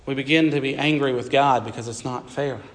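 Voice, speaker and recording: A man's voice: mid-range voice, steady tone, a little fast. A man preaching a sermon, reading scripture aloud and voicing a biblical figure's complaints, with emphatic lists of short phrases. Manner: reads scripture aloud and voices Jonah's complaints in plain speech. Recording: long reverb of a large hall.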